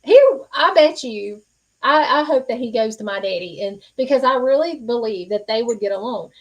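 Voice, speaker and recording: A woman's voice: a little high, moderate pace, poor audio. A woman hosting a live-stream psychic reading, earnest and reassuring, speaking folksy with many fillers. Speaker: psychic medium host.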